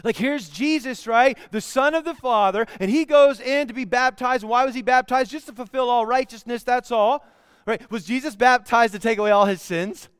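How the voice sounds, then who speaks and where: A pastor in his thirties preaches a sermon in a church sanctuary, speaking conversationally and asking the congregation to respond. His very high voice is clear and resonant at a normal speed. The studio-quality recording has no room sound yet carries a big-room feel.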